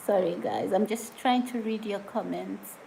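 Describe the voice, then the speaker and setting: A woman's voice: medium pitch, moderate pace, gravelly, mellow, slight background noise, poor audio. A woman chatting casually on a live stream, reading viewer comments aloud and often breaking into giggles. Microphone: phone or camera set on a surface.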